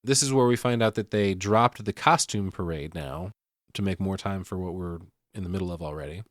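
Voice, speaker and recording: A man's voice: low voice, fairly quick, no echo, studio quality. A man hosting a podcast, recapping a horror film in casual, profane chat and laughing often. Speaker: podcast host.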